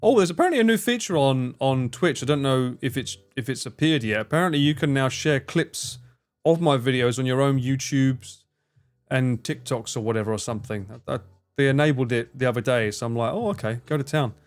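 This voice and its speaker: A man's voice: mid-range voice, fairly quick. A man streaming live, chatting casually with his viewers, swearing freely, laughing and bantering.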